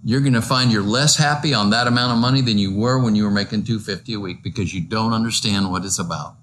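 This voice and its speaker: A man's voice: lowish voice, quick pace, a bit bright, slight background noise. A male pastor giving a conversational, joking sermon full of rhetorical questions to his listeners.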